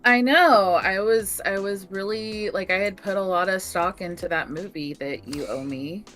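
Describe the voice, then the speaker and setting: A woman's voice: medium pitch, normal speed, fairly bright tone, faint music behind, low-quality recording. A woman in her morning voice, chatting casually as a guest on a stream, rambling with lots of fillers. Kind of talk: casual chat.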